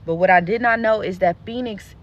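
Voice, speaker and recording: A woman's voice: medium pitch, a little fast, muffled recording, a little hiss or hum. A woman telling a story to her viewers in a vlog, blunt and profane, with lots of animation in her delivery. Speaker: content creator.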